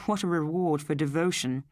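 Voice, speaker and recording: A woman voicing a kindly, thoughtful husband who speaks slowly. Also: low voice, darkish tone, no echo, studio quality. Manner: slow and thoughtful. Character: thoughtful kindly husband, middle-aged man.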